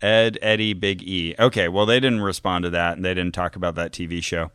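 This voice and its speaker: A man's voice: deep voice, fairly even intonation, brisk, fairly bright tone, clear, resonant tone, dry recording, studio quality. A man casually recounting a story on a podcast, acting out the quotes. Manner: recounts events, acts out quotes. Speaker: podcast co-host.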